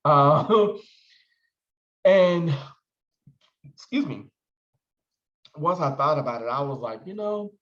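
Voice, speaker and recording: Man, 40s, expressive casual vlogger; roomy, slightly muffled recording. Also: a little high, takes it slowly, long pauses. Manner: chatty, expressive, calls viewers "honey". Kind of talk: casual chat to camera.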